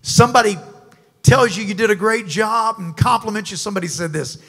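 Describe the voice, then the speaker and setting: Husky gravelly pastor guy preaching, firing off rhetorical questions, big church echo. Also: sits high, fairly quick, fairly bright tone. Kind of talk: sermon. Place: church sanctuary.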